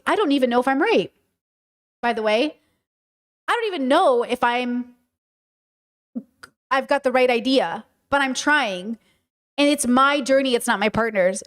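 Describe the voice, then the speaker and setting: Speaking in a high voice, a female podcast host fields questions from the chat in a relaxed, candid way. It's easygoing livestream talk, and she keeps checking in with the people listening.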